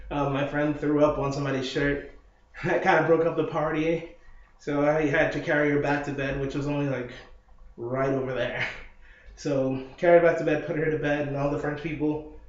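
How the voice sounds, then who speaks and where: A man's voice: a little high, a little hiss or hum. A young man telling a casual video diary, rambling through stories and acting out what people said, from an apartment living room. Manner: rambling storytelling, acting out quotes with laughs. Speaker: vlogger. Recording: echoey, muffled room recording.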